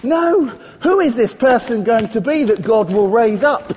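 A man with a very high voice leads a lively Bible talk for children, firing questions at them and chanting repeated lines. His voice carries long reverb through a large hall. A faint noise sits underneath. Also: unhurried. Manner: animated, asks the children questions, rhythmic repetition. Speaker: children's church leader.

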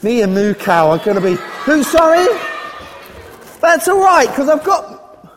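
A jittery villager hiding from raiders, put on by a man in a very high voice, hushing his listeners and then calling out to them. The sound rings with long reverb in a big hall, with a little faint noise underneath. It is played as a storytelling skit for children. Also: big pitch swings, measured pace, exaggerated voice. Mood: nervous.

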